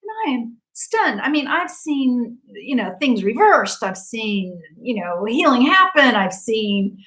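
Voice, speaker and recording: Woman, healing practitioner, casual storytelling, animated, chatty, lots of fillers, acts out quotes. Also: fairly high pitch, slow, rough recording.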